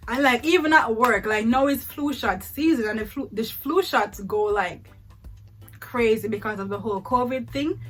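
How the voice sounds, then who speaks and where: Chatty Jamaican woman, high voice. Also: moderate pace, breathy edge. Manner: chatty, repeats words for emphasis, laughs often, slips into patois. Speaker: vlogger. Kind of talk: casual vlog comparing countries.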